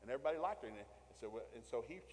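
A Tennessee pastor preaches a sermon, retelling Bible stories in a folksy manner and acting out the quotes. His medium-pitched voice is animated and racing, and a long hall reverb hangs on the recording.

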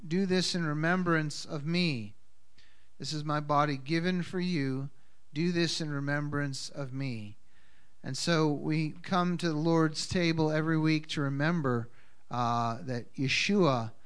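A man leading a congregation's communion service, speaking in an unhurried, halting way with fillers. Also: a little high, fairly bright tone, clear, resonant tone. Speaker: congregation leader. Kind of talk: communion service talk with Hebrew blessings.

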